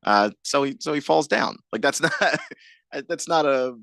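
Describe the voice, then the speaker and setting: A man's voice: medium pitch, moderate pace, creaky, fairly bright tone, dry recording. A man co-hosting a sports radio show, talking in an easygoing way, often laughing and restarting his sentences. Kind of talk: casual sports radio banter.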